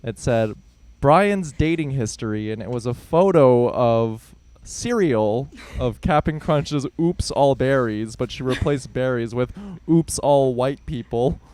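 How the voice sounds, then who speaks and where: A young man co-hosting a podcast, chatting in a relaxed, upbeat way. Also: mid-range voice, takes it slowly, hardly any pauses, no room sound. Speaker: podcast co-host. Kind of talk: casual chat.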